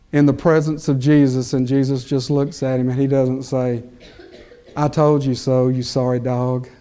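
A man preaching a sermon, slow and emphatic, with long pauses and rising peaks of intensity. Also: on the high side, darkish tone, clean tone.

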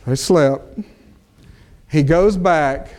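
A man preaching a sermon, slow and emphatic, with long pauses and rising peaks of intensity. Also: a little high, darkish tone.

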